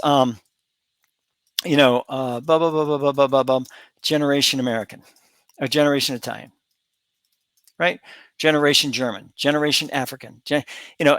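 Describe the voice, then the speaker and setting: A man's voice: fairly high pitch, a bit bright, no echo. A middle-aged man hosting a commentary channel, delivering a rambling opinion monologue full of fillers, restarts and repetition.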